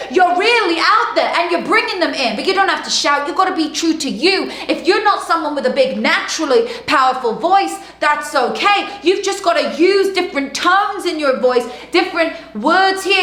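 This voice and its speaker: Energetic woman coaching, echoey room. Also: very high-pitched. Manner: dramatic swings between loud emphasis and hushed whispering; energetic, direct address to the viewer. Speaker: motivational public speaking coach. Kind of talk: motivational teaching monologue. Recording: echoey room with faint background noise.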